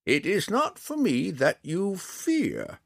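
A man doing a booming old forest ranger. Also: wildly swooping pitch, fairly bright tone, no echo, studio quality, full character voice. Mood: wry. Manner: slow, booming, theatrical delivery. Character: old male forest ranger, wry, charming, proud.

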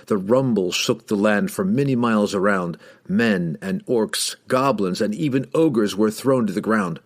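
A man narrating a fantasy novel as an audiobook, telling it with dramatic, expressive storytelling. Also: fairly low pitch, unhurried.

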